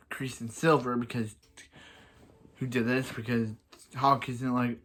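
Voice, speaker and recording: A young man talks through a TV episode in an easy, unscripted way. He gets excited and rambles, and he keeps breaking off and restarting his sentences. His voice sits at an ordinary middle pitch for a man. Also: normal speed. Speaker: fan reviewer. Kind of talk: casual episode review.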